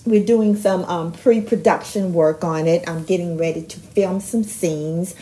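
A woman's voice: fairly low pitch, steady tone, unhurried, warm tone. A middle-aged woman hosting a motivational podcast, talking in an encouraging way, repeating herself and laughing often. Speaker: podcast host.

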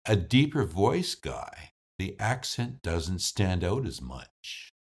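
Deep-voiced man hosting a podcast. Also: big pitch swings, slow, vocal fry, breathy edge. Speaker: podcast host and voice actor. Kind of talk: scripted podcast narration.

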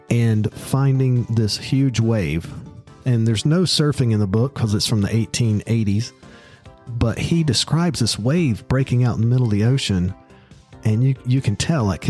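A man's voice: medium pitch, mellow. Southern man hosting a podcast. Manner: friendly, chatty, with laughs. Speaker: podcast host. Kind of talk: casual podcast interview.

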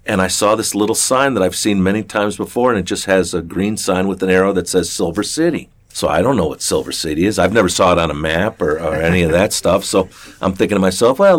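Older man with a low, folksy voice. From southern Ohio. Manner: rambling, folksy, with many fillers and restarts. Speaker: interview guest. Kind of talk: casual storytelling.

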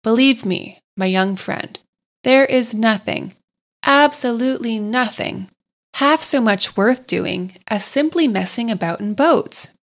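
A woman's voice: a little high, lively intonation, a bit bright. A woman voicing a cheerful, enthusiastic male water rat in a storybook reading, with a hearty, exclaiming manner. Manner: hearty, exclaiming, rapid lists. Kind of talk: storybook character voice.

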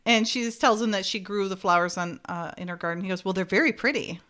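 A woman's voice: mid-range voice, fast talker. Woman podcaster recapping episodes, chatty, laughs a lot. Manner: animated retelling with laughs and acted-out quotes. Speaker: podcast co-host recapping a show. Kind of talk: casual chat.

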